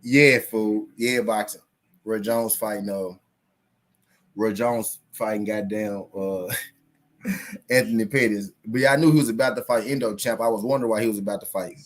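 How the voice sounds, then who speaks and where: The man running this relaxed boxing talk stream has a lowish voice with fairly even intonation and speaks at a normal pace. He curses openly, speaks to his viewers head-on and reads a news piece aloud.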